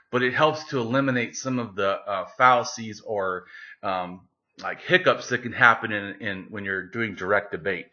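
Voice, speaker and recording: A man, as an interview guest, telling a story in a casual, animated way, with many fillers and restarts. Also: on the low side. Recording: lo-fi, dull sound.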